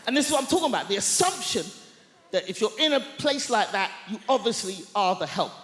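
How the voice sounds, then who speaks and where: A woman stand-up comedian telling a story on a large theatre stage, loud and theatrical. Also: medium pitch, sing-song, a little fast. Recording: echoey theatre hall, faint noise.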